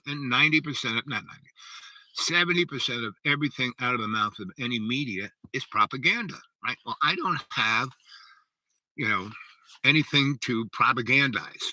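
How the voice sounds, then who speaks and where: A man's voice: medium pitch, sharp tone, no room sound, rough recording. An older man hosting a live show, chatting in a rambling, digressive way and reading viewer comments. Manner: rambling and digressive, with lots of fillers and "right?". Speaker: host of a livestream show.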